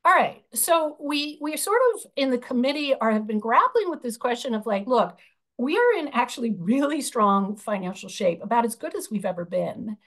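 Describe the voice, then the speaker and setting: Woman, fairly high voice, explanatory, fillers and restarts, video call presentation. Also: sing-song, moderate pace, a bit bright. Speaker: union budget committee chair.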